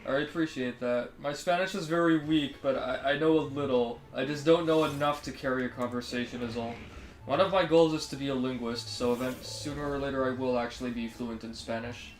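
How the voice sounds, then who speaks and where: Talking a little fast in a steady, medium-pitched voice, a Canadian-accented man hangs out on a live stream and replies to viewers warmly and easily. The sound is roomy, with faint background music.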